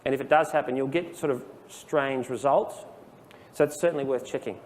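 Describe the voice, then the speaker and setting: A man giving a casual, explanatory software training presentation to a live audience in a room. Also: medium pitch, brisk, in a large hall. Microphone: handheld dictation microphone.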